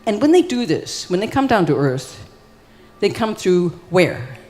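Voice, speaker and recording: A woman voicing a fired-up male ancient Greek poet who pitches a scheme in a loud, insistent, salesman-like way, in a live hall. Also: big pitch swings, measured pace. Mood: persuasive. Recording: long reverb of a live hall.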